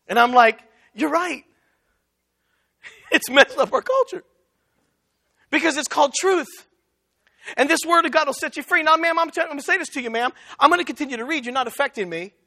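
A man preaching a sermon, telling a story and acting out both sides of the conversation. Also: very high voice. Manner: animated, acts out both sides of a dialogue.

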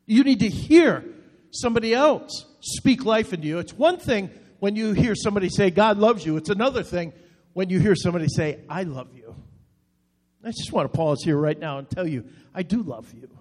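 A man's voice: sits high, expressive, a little fast, a little mellow. A man preaching a sermon as pastor, making earnest, direct appeals in short repeated phrases. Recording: long reverb.

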